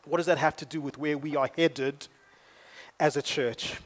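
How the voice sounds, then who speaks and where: A man preaching a sermon as a pastor. He moves between quiet storytelling and loud, emphatic preaching. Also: on the high side, steady tone, moderate pace.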